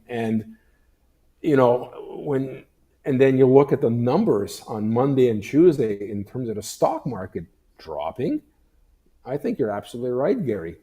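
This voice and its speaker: A man's voice: mid-range voice, mellow. A man giving heated, emphatic opinions on a talk show, often stumbling over fillers as he searches for words. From Canada. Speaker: guest commentator.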